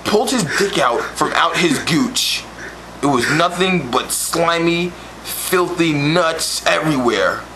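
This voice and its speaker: A man tells crude comic stories in a boastful, swaggering street voice. His voice sits a little high for a man. Steady background noise runs through the noisy amateur recording. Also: takes it slowly. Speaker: comedic storyteller. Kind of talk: crude comedic monologue.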